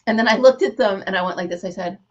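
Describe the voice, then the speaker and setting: A woman's voice: mid-range voice, fast, highs cut off. A middle-aged woman hosting a casual craft livestream, telling stories with animation and greeting viewers by name. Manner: animated storyteller, reads out viewer names. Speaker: livestream host.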